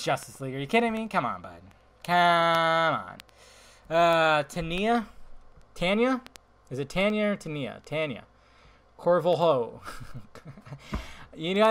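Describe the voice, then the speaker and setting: A man hosting a casual solo podcast, talking bluntly and excitably, swearing freely and swinging between loud outbursts and mumbled asides. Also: a little high. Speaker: podcast host.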